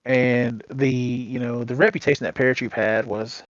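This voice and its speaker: A man's voice: mid-range voice, fairly even intonation, moderate pace, few pauses, dry recording, lo-fi sound. A man being interviewed as a gaming community leader, telling long anecdotes in a casual, rambling way full of fillers and restarts.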